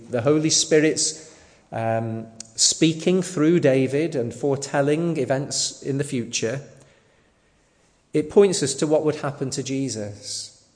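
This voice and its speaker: A man preaching a sermon in a slow, deliberate way, sometimes asking the listeners rhetorical questions. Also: mid-range voice, a little mellow. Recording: long hall reverb.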